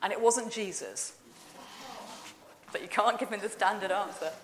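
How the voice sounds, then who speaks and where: A woman's voice: medium pitch, moderate pace. A woman speaking in a church service, quizzing the congregation in a chatty, playful way. Her voice carries a roomy echo from the church, with a faint hum of room noise behind her. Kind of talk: informal all-age talk in a church service.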